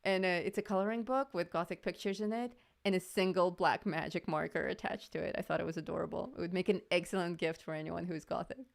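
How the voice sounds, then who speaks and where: A woman's voice: fairly low pitch, fast talker, gravelly, few pauses. Chatty woman hosting a live stream. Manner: chatty, laughs often, greets chat viewers. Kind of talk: casual live-stream chat while coloring.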